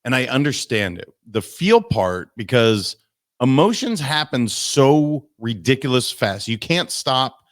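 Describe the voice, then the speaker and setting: Man, podcast guest coach, lively swinging pitch, mid-range voice, animated storyteller. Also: measured pace. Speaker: guest, mindset and business coach. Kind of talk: podcast interview.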